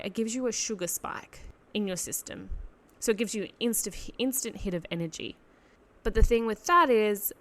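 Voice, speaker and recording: A woman's voice: mid-range voice, a bit bright. A young woman with an Australian accent hosting a casual solo podcast, talking in a rambling way full of "like" and self-corrections, and often laughing at herself. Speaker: podcast host.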